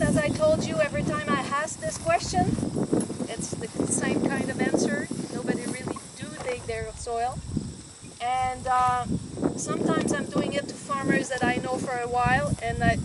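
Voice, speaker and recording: A woman with a Quebec French accent, a native French speaker, giving a chatty outdoor field talk to farmers by a soil pit and often asking them questions. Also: sits high. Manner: chatty, asks the crowd questions, invites interaction. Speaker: soil specialist presenter. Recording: loud outdoor noise, passing vehicles.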